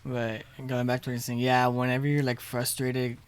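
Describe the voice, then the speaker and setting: With a completely flat delivery at normal speed, this podcast co-host spins a long, rambling restaurant story in casual conversation, voicing the quoted dialogue from each scene. His medium-pitched voice is clear and resonant.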